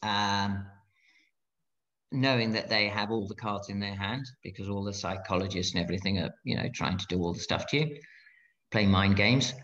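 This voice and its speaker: A middle-aged man speaking as an interview guest, blunt and frank, often halting and restarting his sentences. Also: fairly low pitch, a bit bright. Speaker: guest, former fighter pilot. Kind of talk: candid interview conversation. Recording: dull lo-fi sound.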